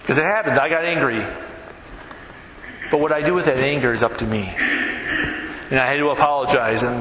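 Conversational pastor preaching in an echoey hall. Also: male voice, medium pitch, moderate pace, long pauses. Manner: conversational, keeps asking "right?"; tells stories with vivid, animated mimicry. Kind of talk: sermon. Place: church sanctuary. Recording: echoey hall, noisy room tone.

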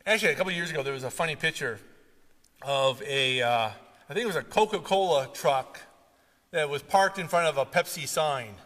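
A man preaching a sermon, telling stories with animated delivery and sudden loud outbursts. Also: on the high side, brisk. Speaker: pastor. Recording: long hall reverb.

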